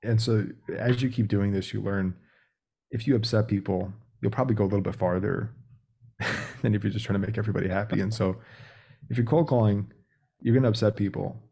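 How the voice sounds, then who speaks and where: A man's voice: fairly low pitch, steady tone, a little fast, creaky, warm tone, husky. A young man speaking as a podcast guest about sales, talking directly and acting out phone calls. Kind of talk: casual interview talk.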